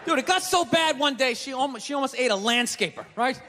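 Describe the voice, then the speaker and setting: A man doing a stand-up routine, ranting and swearing, with loud outbursts. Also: very high-pitched, lively intonation, brisk, a faint crowd, slight background noise. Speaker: stand-up comedian. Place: stage in a large hall before a live audience. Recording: live hall with long reverb.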